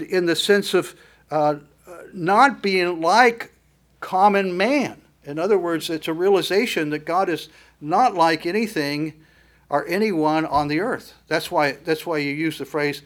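A man's voice: fairly high pitch, measured pace. A man preaching a sermon in an earnest, emphatic teaching manner, with frequent fillers and restarts.

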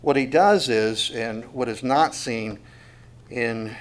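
A man's voice: mid-range voice, slow pace. A middle-aged man teaching a Bible passage verse by verse, talking conversationally, asking rhetorical questions and leaning hard on key words. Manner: conversational, asks rhetorical questions, dynamic emphasis.

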